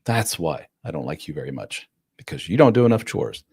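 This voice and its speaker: Blunt, animated low-voiced man host. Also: fairly quick, vocal fry, slightly rough, no echo, studio quality. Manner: blunt, casual, calls listeners man and dude; animated, acts out quoted voices. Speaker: host giving relationship advice to divorced dads. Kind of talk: live-stream chat answering viewer questions.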